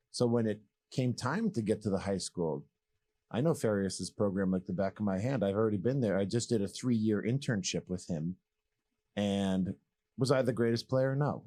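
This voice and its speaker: A man in his thirties from Massachusetts, a former pro basketball player telling his story as a guest in a casual, candid, joking way. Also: deep voice. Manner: animated, rambling, joking, candid.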